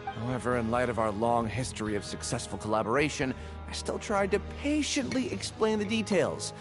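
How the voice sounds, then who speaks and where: A man's voice: mid-range voice, lively intonation, fairly quick, lightly acted. An actor voicing an anxious young male drink promoter in a video game, fretful and apologetic. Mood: upset. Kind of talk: game voice acting. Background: game music.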